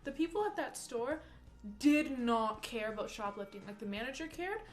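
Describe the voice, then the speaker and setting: A young woman livestreaming from home, telling a story in a chatty, animated way full of "like" while reading chat. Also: a little high, normal speed. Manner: chatty, animated, peppers speech with "like".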